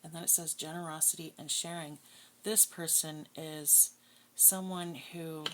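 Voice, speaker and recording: A woman with a very low voice reads tarot in a blunt, profane, scornful way. Loud shuffling and crinkling of cards runs behind her voice. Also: fairly even intonation, a little slow, background noise. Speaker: tarot reader. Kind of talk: casual tarot reading.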